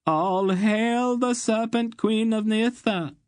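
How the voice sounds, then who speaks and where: A man's voice: sits high, slow, dry recording, pitched above the performer's own voice. A man voicing fearful male eunuch priests in an audiobook, chanting in ritual unison. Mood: fervent chant.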